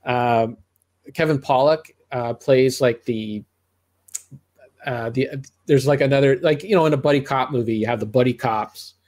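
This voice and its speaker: A man's voice: mid-range voice, moderate pace, a little mellow. A middle-aged man co-hosting a podcast, chatting casually about movies in a rambling way, full of restarts and asides. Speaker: podcast co-host reviewing movies. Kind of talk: casual movie-review chat.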